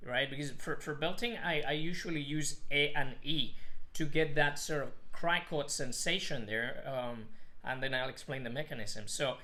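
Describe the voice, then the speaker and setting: A man's voice: fairly high pitch, fairly even intonation, moderate pace, pushed and bright. A middle-aged man teaching singing, explaining technique with many restarts. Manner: explains with sung examples, many restarts and fillers. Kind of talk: voice lesson with sung demonstrations.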